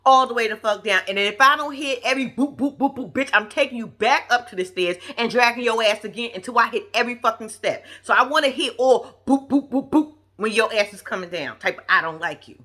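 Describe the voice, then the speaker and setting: A woman's voice: a little high, fairly quick, few pauses, sharp tone. A woman giving casual, profane, gossipy commentary on a reality TV episode, laughing often as she talks. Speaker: reality TV recap vlogger.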